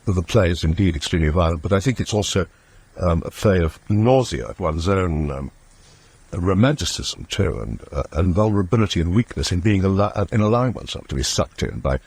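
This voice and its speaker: A man giving a measured, halting analysis of a play. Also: low voice, expressive, creaky, darkish tone, slightly rough, no echo.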